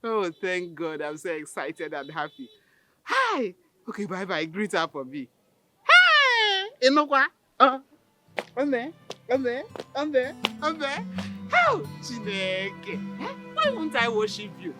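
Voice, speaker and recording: A woman's voice: mid-range voice, huge pitch swings, unhurried, loud music behind the voice. An overjoyed village mother. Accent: Nigerian. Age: older. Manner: exclamatory, breaks into praise and cries. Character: excitable devout village mother, soon a grandmother. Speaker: mother-in-law on a phone call. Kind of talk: film acting.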